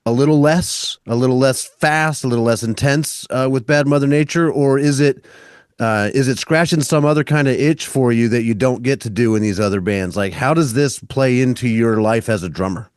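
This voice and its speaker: A man's voice: mid-range voice, moderate pace, smooth, no room sound, studio quality. A man hosting a podcast, asking friendly, searching questions of a guest. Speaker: podcast host. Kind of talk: podcast interview.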